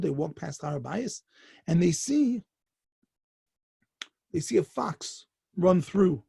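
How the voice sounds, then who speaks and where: A rabbi gives a Torah lesson in a husky, gravelly voice with a dark, mellow tone. He tells the story at an even pace and then leans in with fervent emphasis. The sound is close and dry. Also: fairly high pitch, dry recording.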